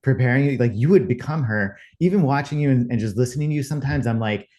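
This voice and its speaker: A man's voice: mid-range voice, animated, fast, mellow. A man hosting a casual interview podcast, talking in an enthusiastic, complimentary way. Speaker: podcast host.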